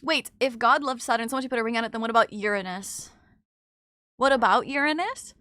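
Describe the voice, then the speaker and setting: Lying in bed at home, a woman streamer chats casually, reading viewer messages aloud and often trailing off with filler like "I don't know." Her fairly high voice is brisk, bright and pushed, captured in a dry, studio-quality recording.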